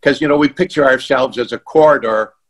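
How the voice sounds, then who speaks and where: A man's voice: medium pitch, fairly quick, creaky. Earnest, reflective man asking questions. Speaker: panel guest asking questions. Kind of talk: casual panel chat.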